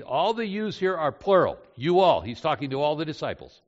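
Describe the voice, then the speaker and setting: A man's voice: on the high side, big pitch swings, brisk, hardly any pauses. Emphatic preacher man, hall echo. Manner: emphatic, repeats key phrases, rhetorical questions. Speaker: pastor. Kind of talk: sermon. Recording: dull hall recording with long reverb.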